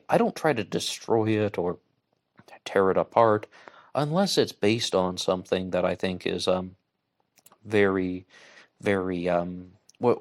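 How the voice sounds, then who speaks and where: A man in his thirties with a West Virginian accent, hosting an online radio show in a chatty, rambling way and sharing trivia. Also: low-pitched. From West Virginia, USA. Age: 30s. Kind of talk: casual solo podcast talk.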